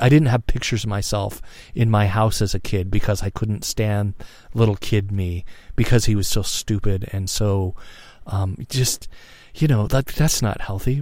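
A man's voice: fairly low pitch, darkish tone, no echo. A man of fifty telling a personal story in a frank, reflective monologue, swearing freely and often restarting his sentences. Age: 50s. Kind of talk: candid spoken monologue.

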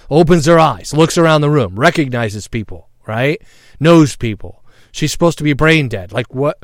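Low, smooth-voiced middle-aged man. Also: no echo, studio quality. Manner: halting, reflective, with many pauses and fillers; grows loud and excited when recounting tense moments. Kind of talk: personal storytelling.

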